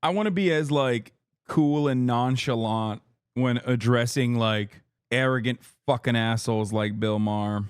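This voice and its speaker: Profane, animated male streamer. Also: mid-range voice, unhurried, clean tone, no echo, studio quality. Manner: animated, profane, bursts of loud laughter. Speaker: streamer reacting to a clip. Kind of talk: casual live-stream commentary.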